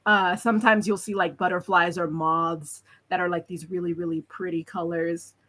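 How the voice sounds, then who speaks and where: A woman's voice: on the low side, fairly even intonation, moderate pace, fairly bright tone. A woman narrating as game master, describing scenes in a chatty way with lots of fillers.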